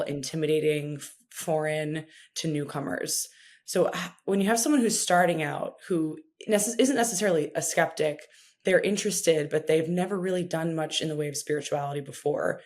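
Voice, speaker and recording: A woman's voice: sits low, darkish tone. A woman hosting a podcast, asking thoughtful questions with self-deprecating asides. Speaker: podcast host. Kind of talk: interview questions, casual chat.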